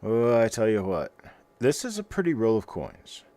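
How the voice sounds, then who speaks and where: A man's voice: on the low side, very animated, moderate pace, warm tone. A middle-aged man hosting a livestream, chatting casually and rambling in a folksy way while he talks to his viewers. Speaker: host of a coin roll hunting livestream.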